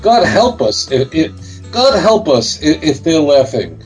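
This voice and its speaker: A man's voice: fairly high pitch, very animated, a little slow, soft background music, poor audio. A man speaking as a guest in a talk show interview, emphatic and insistent, often repeating himself.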